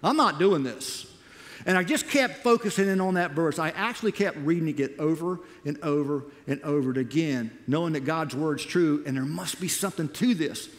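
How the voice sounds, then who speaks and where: A man from the United States preaches to a church, animatedly recounting his missionary experience and performing the words he once spoke. His voice is fairly high at normal speed, echoing with the long reverb of a large hall.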